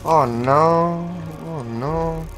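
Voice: mid-range voice, extremely slow, music in the background. A gaming channel host giving let's-play commentary, swearing freely, taunting the enemy and yelping when startled.

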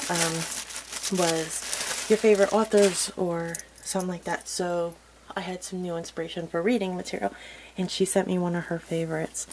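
Soft-spoken woman gushing over gifts. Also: fairly low pitch, noisy background. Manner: soft, gushing, often drops to a near-murmur. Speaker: crafting channel host. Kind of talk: casual unboxing chat to viewers.

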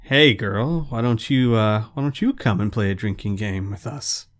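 A man's voice: fairly low pitch, moderate pace, voice pushed down, natural voice. A man voicing a cocky young male bar thug who taunts and swaggers. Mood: taunting.

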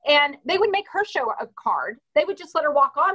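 Texas-raised woman chatting on a panel, kinda high voice, really bright, rambly storyteller. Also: very animated, brisk, few pauses, muffled recording, faint music behind. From Texas, USA. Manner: chatty storyteller with many restarts. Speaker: panelist, cruise business president. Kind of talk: casual panel chat.

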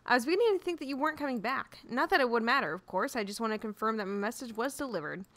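A woman's voice: on the high side, lively intonation, rapid-fire, a bit bright, dry recording. A woman reading the lines of a fretful, formal old townsman from a video game.

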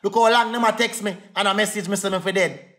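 A man's voice: high-pitched, steady tone, quick pace, pushed and bright. A young Jamaican man in a heated livestream rant, defiant and repetitive, calling out to his viewers.

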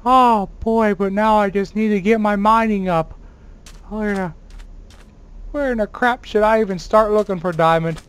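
A man doing let's play commentary as a gaming host, excitable and quick to swear, yelling at sudden scares and bragging playfully. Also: high-pitched, clean tone. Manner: playfully boastful.

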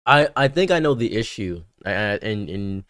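A man's voice: mid-range voice, sing-song, moderate pace, a bit bright, dry recording, studio quality. A man on a casual online talk, telling wild rambling anecdotes with lots of stammered restarts. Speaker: guest. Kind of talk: casual storytelling chat.

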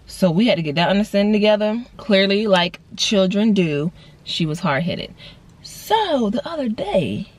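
A woman in her twenties telling a personal story on a vlog, casual and slangy, jumping her voice high for quoted lines. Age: 20s. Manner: animated storytelling with big voice jumps for quoted lines; casual slangy talk, addresses viewers as y'all. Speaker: vlogger.

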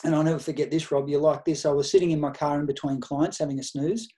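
A man's voice: on the high side, fairly even intonation, fast, warm tone. A middle-aged man with an Australian accent, a podcast guest telling anecdotes by quoting past conversations in a casual interview. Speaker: podcast guest, nutrition researcher and coach. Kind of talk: conversational storytelling.

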